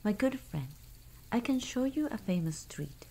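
Woman reader doing a plucky tiny boy, whispered role-play, mellow and soft. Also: on the low side, measured pace, a little hiss or hum. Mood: calling out.

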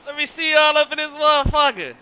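A man streaming live, chatting casually and excitedly, shouting out his viewers in heavy slang. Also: extremely high pitch, fairly quick.

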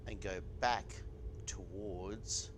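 Male gamer, low and unhurried, casual commentary, game noise underneath. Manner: casual, chatty, with bursts of excitement. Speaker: gaming channel host. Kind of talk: gameplay commentary.

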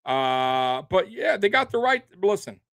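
A man's voice: high voice, very animated, measured pace, a bit bright, no room sound, studio quality. A man hosting a sports livestream, angrily ranting as a fan in a profane, repetitive, fired-up way. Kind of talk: angry fan rant on a livestream.

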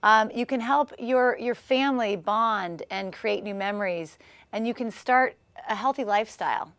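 A woman's voice: fairly high pitch, normal speed, fairly bright tone, smooth, no echo. Bubbly woman chatting in an interview. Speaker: guest, former Olympic swimmer. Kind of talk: casual TV interview.

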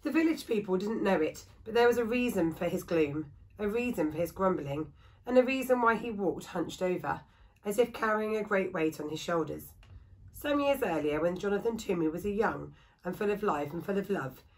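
Female reader, storybook read-aloud for children, steady and expressive. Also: medium pitch, moderate pace, low-quality recording. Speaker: school staff reader.

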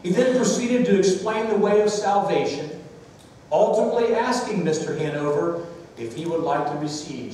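A man's voice: a little high, a little mellow, a little hiss or hum. A male pastor preaching a sermon. He tells stories and calls out to the congregation for amens. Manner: storytelling and preaching, calling for amens. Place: church sanctuary. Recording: echoey church hall, distant mic.

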